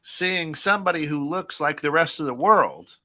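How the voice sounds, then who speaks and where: A man's voice: a little high, expressive, moderate pace, bright, forceful tone. A man co-hosting an internet radio talk show in casual chat, rambling and thinking aloud as he goes.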